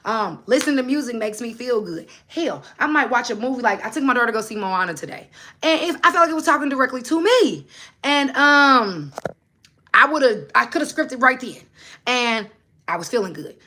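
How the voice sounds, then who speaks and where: A woman hosts a relaxed motivational livestream. Her voice is bright and forward, and her delivery is animated and preachy. She keeps turning to her viewers with pointed questions. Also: a little high, moderate pace. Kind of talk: casual livestream talk.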